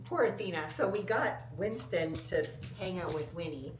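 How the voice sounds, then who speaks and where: A young woman vlogger chatting casually, excitable, laughing often and gushing over her pets. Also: lowish voice, moderate pace, slight background noise. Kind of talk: casual vlog chat.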